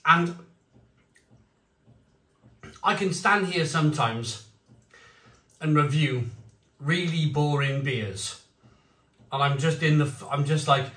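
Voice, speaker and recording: Man, beer reviewer, bright forceful voice, rambling excited talk, echoey room. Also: fairly high pitch, slow pace, pauses often, recorded from a distance. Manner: excitable, rambling, bursts of shouting. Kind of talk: enthusiastic tasting vlog.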